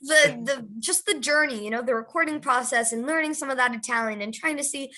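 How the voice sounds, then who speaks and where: A young woman with a bright, high voice answers interview questions. She gushes with enthusiasm and giggles often. She keeps the easy tone of a press junket chat. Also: quick pace. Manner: bubbly and giggly, gushing with enthusiasm. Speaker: actress interviewee.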